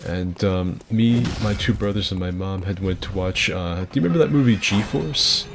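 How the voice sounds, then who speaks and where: A young man in his twenties rambles through casual game-stream chatter at home, swearing freely and keeping his voice low so he won't wake anyone. His voice sits very low with a gravelly fry. Steady noise hisses underneath. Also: moderate pace. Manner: rambling, chatty storytelling with swearing, kept fairly quiet. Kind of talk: casual gameplay commentary.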